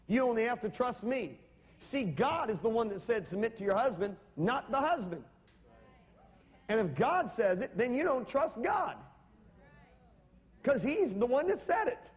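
High-voiced preacher in a reverberant hall. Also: male voice, sing-song, a little slow, long pauses. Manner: emphatic, calls for amens and audience responses. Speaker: pastor. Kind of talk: sermon. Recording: long reverb of a large hall.

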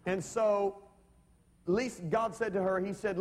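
A male pastor with a notably high voice delivers an emphatic sermon, repeatedly calling on his listeners to say amen. His words ring out with a long reverb, as if heard in a large church sanctuary. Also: fairly even intonation, a little slow. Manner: emphatic, calls for amens and audience responses.

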